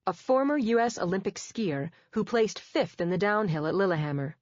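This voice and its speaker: A woman narrating a first-person audiobook in a wry, measured way, close to a studio mic. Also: mid-range voice, animated, darkish tone, no room sound. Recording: dull dry studio read.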